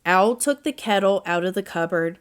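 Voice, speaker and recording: A woman reading a children's storybook aloud as narrator, in a gentle read-aloud manner. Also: mid-range voice, normal speed, smooth.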